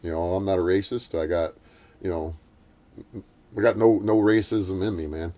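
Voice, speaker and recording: A man's voice: steady tone, normal speed, warm tone. Foul-mouthed heated man ranting. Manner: heated storytelling, swears constantly; acts out quotes in a shrill voice. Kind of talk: profane casual chat.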